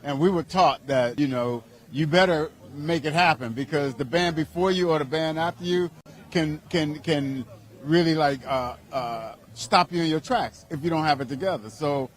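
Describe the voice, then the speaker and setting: A man with a slightly raised pitch answers questions in a relaxed interview. He talks earnestly and warmly, stringing thoughts together with "you know" and "I mean". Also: normal speed. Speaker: interview guest. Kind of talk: conversational interview.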